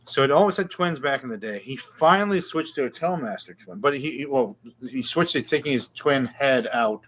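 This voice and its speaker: A man's voice: medium pitch, lively intonation, normal speed, a bit bright, slight background noise. Chatty, rambling New man. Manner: rambling, chatty, self-deprecating. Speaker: guitar shop show host. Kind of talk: casual live Q&A chat.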